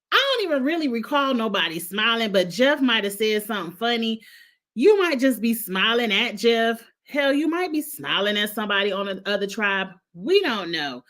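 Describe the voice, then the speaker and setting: Brief: talkative female show reviewer, casual chat, animated and laughing, fairly high voice. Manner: chatty, animated, laughs often.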